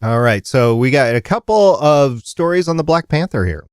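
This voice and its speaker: A man's voice: medium pitch, lively intonation, normal speed, clear, resonant tone, no echo, clean studio sound. A man hosting a fan podcast, talking casually and rambling with restarts. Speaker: podcast host.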